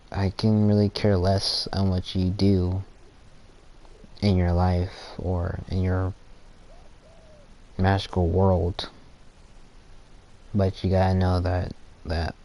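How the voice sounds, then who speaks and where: A teenage boy talking casually and rambling about friendships, halting with many restarts and fillers, his teeth sore from aligners. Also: low voice, vocal fry, darkish tone. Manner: acts out friends in quoted voices. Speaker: gaming channel creator. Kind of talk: casual rambling talk while gaming.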